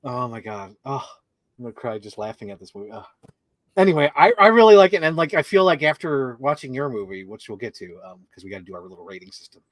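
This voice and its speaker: A man co-hosting a casual movie chat, animated, laughing often and acting out lines he quotes. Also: on the high side, quick pace, dry recording. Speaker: co-host.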